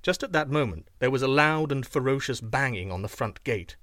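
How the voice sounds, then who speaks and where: A man reading a folk tale aloud in a measured, expressive way. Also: mid-range voice, no echo, clean studio sound. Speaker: storyteller.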